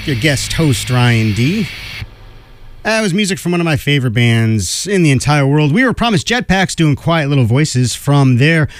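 A man hosting a radio music show, a little hoarse, chatting enthusiastically between songs. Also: a little high, very animated, moderate pace. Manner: enthusiastic, conversational. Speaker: radio host.

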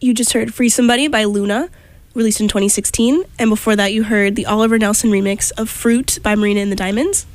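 A young woman hosts a college radio show, her voice stuffy and nasal from allergies. She back-announces songs in a chatty way, then reads a public service announcement at a steady announcer's pace. The sound is dry and close, with the room adding almost nothing. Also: mid-range voice, quick pace, no echo.

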